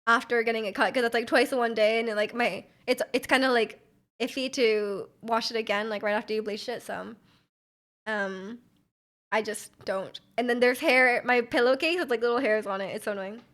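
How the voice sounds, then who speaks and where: A young woman chatting casually on a live stream, her voice sitting a little high. She rambles loosely, fills her talk with "like" and giggles between thoughts. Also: fairly even intonation, normal speed, fairly bright tone. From Vancouver, Canada. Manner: rambling, filler-heavy with frequent "like", giggly. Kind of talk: casual chat, reading out chat.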